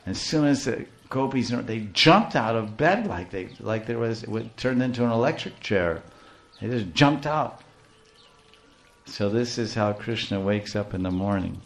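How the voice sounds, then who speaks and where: Male spiritual teacher, fairly low voice, playful and lively devotional storyteller who laughs often. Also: unhurried.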